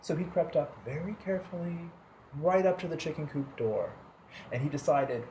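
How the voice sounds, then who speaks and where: A library storytime host reading a picture book aloud, expressive with dramatic pauses. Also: mid-range voice. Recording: roomy echo, faint background noise.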